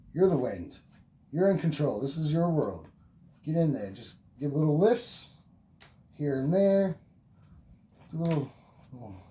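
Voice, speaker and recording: A painting instructor with a slightly high, mellow voice narrates his oil painting stroke by stroke, encouraging and repetitive. Now and then he moves away from the mic, and faint background noise sits under the relaxed tutorial.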